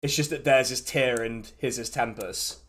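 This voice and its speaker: A man, running a tabletop game as dungeon master, chatty and quick to laugh, often restarting his sentences. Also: mid-range voice, a bit bright.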